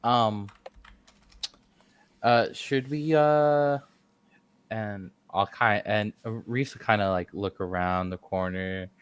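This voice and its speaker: Slow-talking guy playing a tabletop game, hesitant, dry sound. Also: fairly low pitch, clean tone, dry recording. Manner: hesitant, laughs often. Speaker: player. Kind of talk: casual tabletop game chat.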